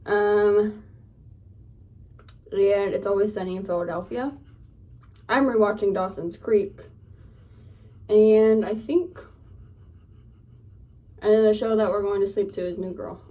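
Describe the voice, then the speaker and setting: A woman's voice: mid-range voice, steady tone, slow, long pauses, mellow, distant mic. Chatty young woman, slightly off-mic. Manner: chatty, rambling, many fillers. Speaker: vlogger. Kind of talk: casual chat while doing makeup. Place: home room, indoors.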